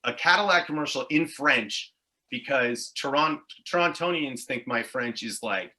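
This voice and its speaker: Montreal anglophone guest, very bright tense tone, rambling and sweary, casual chat. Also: male voice, medium pitch, lively intonation, normal speed. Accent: English Canadian (Montreal Anglophone). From Montreal, Quebec. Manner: rambling, tangential storytelling with frequent swearing. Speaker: guest, actor and improviser.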